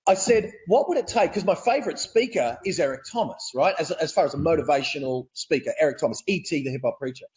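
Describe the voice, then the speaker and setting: Energetic Australian man, high voice. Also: quick pace, few pauses, muffled recording. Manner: energetic, laughing, repeats words. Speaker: guest, real estate coach. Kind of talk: animated storytelling.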